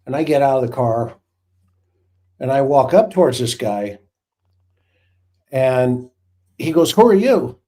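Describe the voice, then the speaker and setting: A man with a warm, mellow voice tells a long story in casual conversation. He rambles and restarts, piling on vivid detail. His pitch sits in an ordinary middle range. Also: slow, long pauses. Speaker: former hostage negotiator. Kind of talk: casual anecdote telling.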